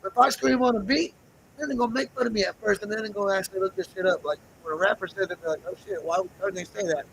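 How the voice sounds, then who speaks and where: A man's voice: high-pitched, very fast, vocal fry, fairly bright tone, slight background noise, poor audio. A man hosting a livestream from home, ranting in a profane, agitated, rambling way. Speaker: livestream host. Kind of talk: casual livestream rant.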